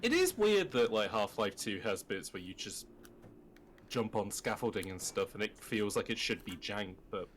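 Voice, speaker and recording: A man's voice: lowish voice, moderate pace, a little hiss or hum. A man chatting casually on a gaming stream, rambling and swearing as he tells stories. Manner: rambling, swears, animated storytelling. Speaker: streamer co-host.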